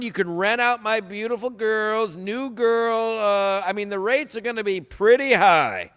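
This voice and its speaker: A man's voice: sits high, unhurried, hardly any pauses, fairly bright tone, clear, resonant tone, long reverb tail. A man hosting a podcast in casual solo chat, rambling, sarcastic and profane. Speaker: podcast host.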